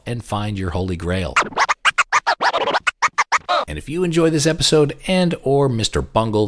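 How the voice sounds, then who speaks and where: A man hosting a podcast, delivering a promotional read and the episode introduction. His voice sits fairly low, but his intonation rises and falls with plenty of life. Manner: upbeat, promotional, lively intonation. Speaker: podcast host.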